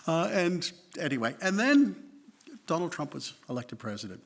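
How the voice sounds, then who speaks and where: Boston guy in his 50s giving a lecture, bit high voice, dry and jokey, keeps restarting. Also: big pitch swings, normal speed, creaky. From Boston, United States. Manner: wry, self-deprecating, conversational with restarts. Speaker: guest lecturer, history professor. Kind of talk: public lecture to an audience.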